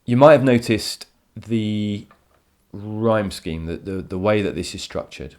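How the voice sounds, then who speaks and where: A man with a very low voice talks through a poem for his students. He explains with enthusiasm and repeats words as he works out each point. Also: unhurried. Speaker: teacher. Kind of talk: recorded poetry lesson. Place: home.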